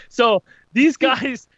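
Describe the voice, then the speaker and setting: A man telling a story in a lively, profane way, laughing as he talks, on dull lo-fi audio. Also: extremely high pitch, dry recording. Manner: animated, profane, laughs while talking. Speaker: podcast co-host. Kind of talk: casual storytelling.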